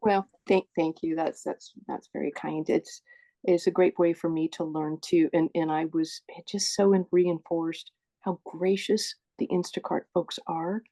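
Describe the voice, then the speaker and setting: Chatty woman with a warm, low-set voice. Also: fairly even intonation, measured pace. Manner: chatty, self-correcting, apologetic. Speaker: presenter of a support group session. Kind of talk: casual presentation on a video call. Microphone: earbuds with a phone.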